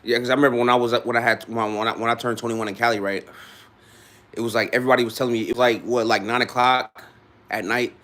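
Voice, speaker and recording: A man's voice: medium pitch, level tone, fast talker, fairly bright tone, a little hiss or hum. A young man in his twenties from Ohio, rambling casually to his live-stream viewers with loose restarts. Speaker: livestreamer.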